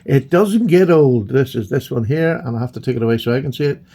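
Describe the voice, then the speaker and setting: Excitable gravelly-voiced man gushing. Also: medium pitch, rapid-fire. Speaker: knife collector vlogger. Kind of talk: casual unboxing chat.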